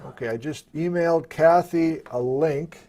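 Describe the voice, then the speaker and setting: A man's voice: on the high side, moderate pace. Chatty man hosting a live stream. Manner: thinking aloud while working the software. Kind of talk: casual live-stream chat. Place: at a desktop computer.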